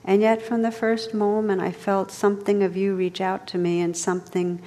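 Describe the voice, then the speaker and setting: A woman's voice: medium pitch, flat delivery, moderate pace, dark tone, lightly acted. A woman reading a devoted young knight. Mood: ardent. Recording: long hall reverb.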